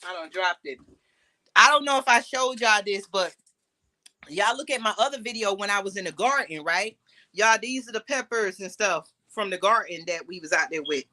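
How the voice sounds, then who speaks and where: A woman's voice: medium pitch, lively intonation, normal speed, bright, forceful tone. A middle-aged woman with a New York accent, chatting casually to viewers while cooking and laughing often. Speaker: podcast host. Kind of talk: casual cooking vlog chat.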